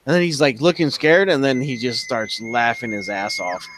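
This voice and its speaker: A man's voice: medium pitch, fairly even intonation, normal speed, background noise. A man running a tabletop game, narrating casually with lots of swearing and laughter. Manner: casual, profane, laughs often. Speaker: game master.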